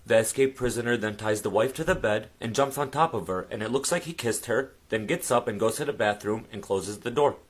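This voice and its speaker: A man's voice: fairly low pitch, fairly quick, hardly any pauses. A man telling a joke story in a plain narrating voice.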